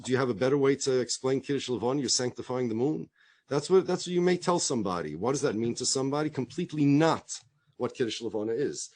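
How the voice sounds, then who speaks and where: A man's voice: mid-range voice, fast. A middle-aged man speaking as a rabbi, telling stories in conversation, acting out the dialogue and repeating himself as he goes. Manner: animated storyteller, acts out quoted dialogue, frequent repetitions.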